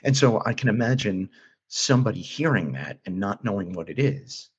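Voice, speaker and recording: Halting, husky-voiced man telling a story. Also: on the low side, animated, muffled recording. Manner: halting, many restarts, earnest. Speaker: guest recounting an encounter. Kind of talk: casual storytelling.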